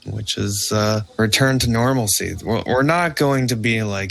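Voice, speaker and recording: A man's voice: on the low side, a little slow, creaky, few pauses, a bit bright. A man co-hosting a podcast in casual chat, telling winding stories with laughs. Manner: rambling, laughing storyteller. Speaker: podcast co-host.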